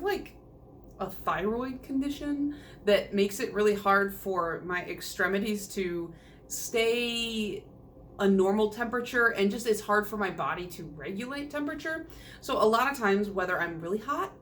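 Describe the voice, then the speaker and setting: Young woman yapping about nail polish, rambly and laughing at herself, normal pitch. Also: a bit bright, a little hiss or hum. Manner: chatty, rambling, self-deprecating. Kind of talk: casual chat.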